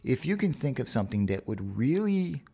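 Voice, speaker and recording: A man's voice: medium pitch, big pitch swings, moderate pace, creaky, dark tone, slightly rough. A man hosting a solo podcast, talking casually and rambling with profane asides. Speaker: podcast host.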